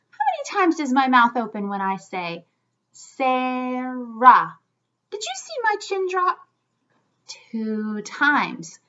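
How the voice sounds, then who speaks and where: A woman with a bright, fairly high voice leads a lesson for small children. Her pitch swings widely, and she speaks in an unhurried, deliberate way. The recording is slightly dull and lo-fi. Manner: clear, slow demonstrating speech for young learners. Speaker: teacher.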